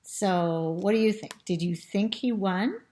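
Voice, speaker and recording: A woman with a throat tickle reading a storybook aloud to children, pausing to point at pictures and ask them questions. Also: medium pitch, mellow.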